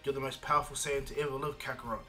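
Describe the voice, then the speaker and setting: Dude voicing a boastful older alien warrior, cocky, bright tone, fan story. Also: male voice, medium pitch, little pitch movement, racing, natural voice.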